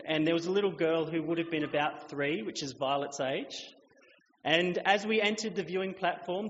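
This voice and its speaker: A man in his thirties, a pastor telling a lively story in his sermon and acting out children's voices, recorded in a church. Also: high-pitched. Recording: echoey hall, dull lo-fi sound.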